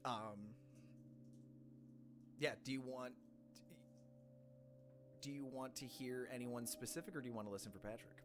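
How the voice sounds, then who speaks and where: A man's voice: mid-range voice, moderate pace, long pauses. A man narrating as game master in a casual, playful way, with many fillers. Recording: background music.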